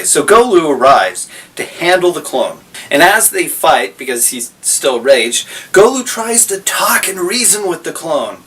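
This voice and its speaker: Guy rambling thru a story recap, fixes himself a lot, kinda high voice, far from mic. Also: sing-song, unhurried, a bit bright. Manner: rambling, self-correcting.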